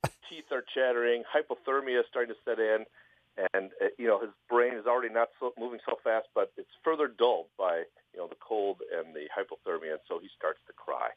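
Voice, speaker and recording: A man calling in as a guest, telling a joke casually, with a halting delivery and many fillers. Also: lowish voice, dry recording. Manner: halting, lots of fillers, lively. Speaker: phone-in guest, joke teller. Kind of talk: casual storytelling. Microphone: phone. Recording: tinny phone line.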